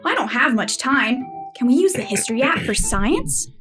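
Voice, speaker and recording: A woman's voice: high voice, very animated, moderate pace, a bit bright, soft background music. A woman voicing a small, impatient cartoon boy. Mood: eager. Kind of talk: cartoon voice acting.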